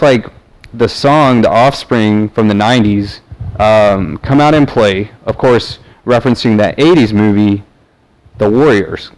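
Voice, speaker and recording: A man's voice: on the low side, a little slow, a little mellow, low-quality recording. A man from the American South talking to camera in a rambling, casual monologue full of fillers and restarts. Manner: meandering, many fillers and restarts. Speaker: vlogger.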